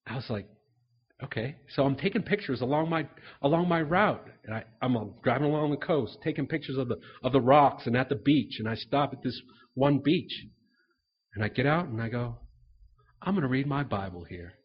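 A man's voice: medium pitch, a little fast, husky, lo-fi sound. A man preaching a sermon, telling personal stories in an earnest way, repeating words and acting out conversations. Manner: earnest storytelling, repeats words, acts out dialogue.

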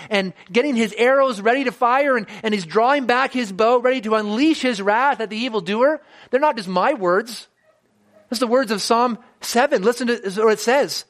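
High-voiced man preaching a sermon. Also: fairly bright tone. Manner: earnest preaching, building to emphatic peaks then dropping low. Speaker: pastor.

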